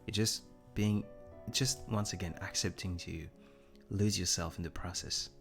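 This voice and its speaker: A man's voice: deep voice, steady tone, unhurried, creaky, a bit bright, soft background music. A young man with a French accent, chatting casually on a live stream, rambling and self-deprecating as he answers viewer comments. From Germany. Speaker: livestream host.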